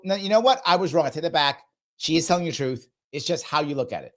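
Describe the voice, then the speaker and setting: Sarcastic, lively male political commentator. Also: high voice. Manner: sarcastic, mocking, emphatic. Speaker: host of a political commentary show. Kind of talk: live reaction commentary.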